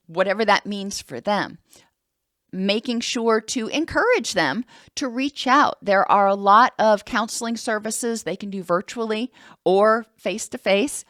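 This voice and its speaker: A woman counselor giving a calm, explanatory educational talk, with the occasional um. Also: medium pitch, no room sound, studio quality.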